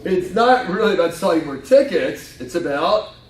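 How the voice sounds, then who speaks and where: A man's voice: sits high, expressive, normal speed. A man giving a conference talk, joking and quizzing the audience as he walks through his slides. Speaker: conference speaker. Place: conference room. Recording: echoey hall from far off, faint noise.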